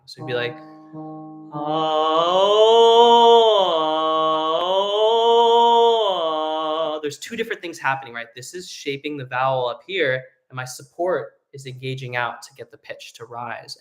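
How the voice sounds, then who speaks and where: A man's voice: medium pitch, fairly bright tone. Casual male singing teacher. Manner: casual explaining with many fillers, breaks into sung vocal demos. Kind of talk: live online vocal lesson.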